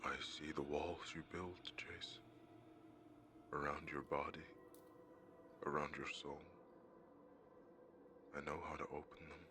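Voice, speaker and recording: A man voicing a sinister male spirit in a video game, speaking in a hushed, gravelly, coaxing whisper, with game audio hiss behind him. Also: rumbling low, level tone, full character voice. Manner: slow and coaxing.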